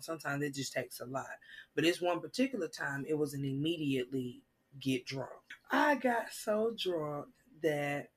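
A woman, guesting on a casual chat podcast and telling funny stories with animated quoted voices. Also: low voice, husky. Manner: animated, acts out quotes, laughs loudly.

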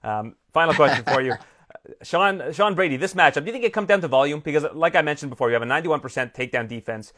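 Rapid-fire joking male interviewer. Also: on the high side, expressive, a bit bright. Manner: joking, fast-talking. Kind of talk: interview questions.

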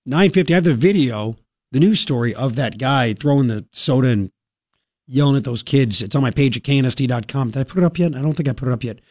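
A man's voice: mid-range voice, quick pace, a little mellow, no echo. A man hosting a talk radio show, ranting with sarcastic indignation into a studio microphone.

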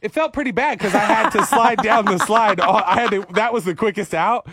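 A man hosting a radio morning show, telling a self-mocking story in a casual, animated way into a studio microphone. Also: sits high, normal speed, slightly rough, no echo.

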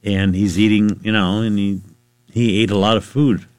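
A man's voice: on the low side, flat delivery, moderate pace, smooth, no room sound. A middle-aged man, a lawyer co-hosting a radio show, telling rambling, self-deprecating stories in casual banter from a studio.

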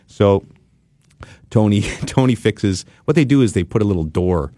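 A man hosting a podcast who tells a story in a casual, animated way and laughs often. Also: on the low side, normal speed, no echo. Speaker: podcast host.

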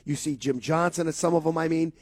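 An emphatic male sports radio co-host talks in a casual, lively way. His voice sits a little high for a man. The sound is dry and close on a studio microphone. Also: quick pace, slightly rough, no room sound.

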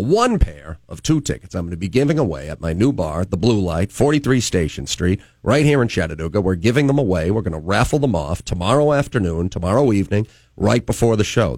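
Lively low-voiced radio host man. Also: dry recording. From Boston. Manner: lively, upbeat announcer delivery. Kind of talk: morning talk radio hosting. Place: radio studio.

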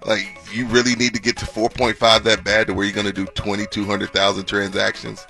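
Radio co-host, man, low voice with a bright edge, slangy and easygoing. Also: flat delivery, a little fast, creaky, faint music behind. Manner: laid-back, slangy, chatty. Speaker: radio sports show co-host. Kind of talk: casual sports radio chat.

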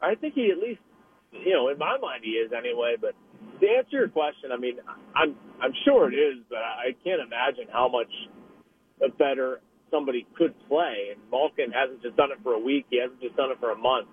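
A man's voice: medium pitch, lively intonation, breathy edge. Man talking hockey over a tinny phone line. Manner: chatty, quick to laugh, restarts his sentences. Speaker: newspaper hockey reporter, radio guest. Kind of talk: casual analytical chat. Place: driving in a car. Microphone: phone call.

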